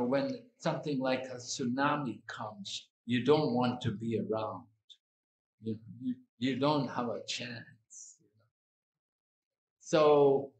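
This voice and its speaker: A man giving an evening sermon as a swami, speaking slowly and deliberately with repetitions and asides. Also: mid-range voice. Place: hall at an evening gathering. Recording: echoey hall.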